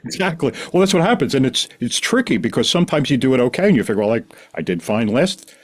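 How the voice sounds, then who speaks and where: A middle-aged man, a podcast guest, telling a long personal story in an animated, rambling way full of restarts. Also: medium pitch, fast, slightly rough. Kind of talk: casual storytelling.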